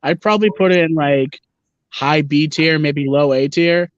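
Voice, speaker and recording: A man's voice: fairly high pitch, normal speed, clean tone, dry recording. Opinionated young man on a dull call. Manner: rambling, opinionated, swears casually. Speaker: livestream co-host. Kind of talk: casual wrestling chat. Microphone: video call.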